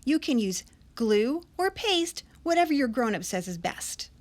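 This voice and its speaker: A woman's voice: high-pitched, very animated, unhurried. A woman children's librarian reading a story and explaining a craft patiently to young kids.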